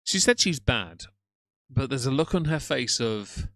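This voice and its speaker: A man's voice: mid-range voice, animated, a little slow, fairly bright tone, dry recording. A man doing sarcastic live-stream reaction commentary and greeting viewers by name.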